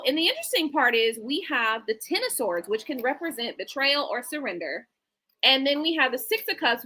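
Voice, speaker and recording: A high, bright woman voice swooping all over as she chats through a tarot reading on a live stream. She talks casually and animatedly, breaking into laughing asides. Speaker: tarot reader. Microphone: streaming setup mic.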